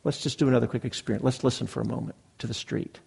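A man's voice: medium pitch, fairly even intonation, racing, vocal fry, darkish tone, slightly rough. A man teaching meditation to a live group in a hall, explaining in a conversational way and often checking that the audience follows. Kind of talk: dharma talk to a live group.

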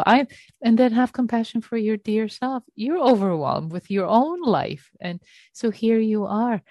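A woman leading an online meditation group as its teacher, speaking gently and slowly in a reassuring way over a video call. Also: a little high, no echo.

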